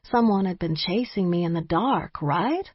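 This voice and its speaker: A woman giving a measured, wry first-person narration of an audiobook. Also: fairly low pitch, animated, husky, no echo, lo-fi sound.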